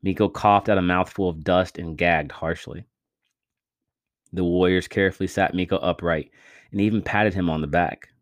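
A man with a very deep voice reads a scripted adventure story, steady and dramatic in his storytelling. The recording is dry and close, with no room sound. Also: normal speed, dry recording. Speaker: narrator.

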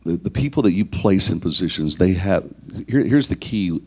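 A man with a very low, deep voice gives a leadership teaching talk to church leaders. He counts off his points one by one. He poses questions to his listeners and often repeats a word as he goes. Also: animated, normal speed, breathy edge. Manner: lists numbered points, asks rhetorical questions, repeats words.

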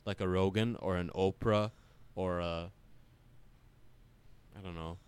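A low-pitched, slow, smooth male voice belongs to a podcast co-host who rambles animatedly, swears often and leans on filler words.

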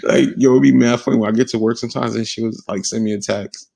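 A man's voice: mid-range voice, fairly even intonation, fast, creaky, dark tone, husky. A young man, co-hosting a casual couple's podcast, slangy and laughing often. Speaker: podcast co-host.

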